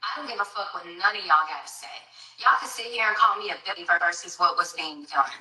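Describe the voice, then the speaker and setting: A woman's voice: fairly low pitch, animated, a little fast, bright, forceful tone, reverberant, distant mic, poor audio. A woman telling a heated personal story, defiant and emphatic, firing off indignant rhetorical questions. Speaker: interviewee in a played clip.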